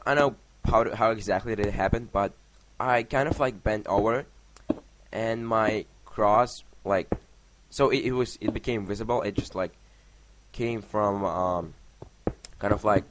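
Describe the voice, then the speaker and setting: A young man telling a story while playing a game, rambling and swearing often. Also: lowish voice. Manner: rambling, swears a lot, counts blocks under his breath. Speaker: gaming vlogger. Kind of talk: casual storytelling over gameplay. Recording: noisy home mic recording.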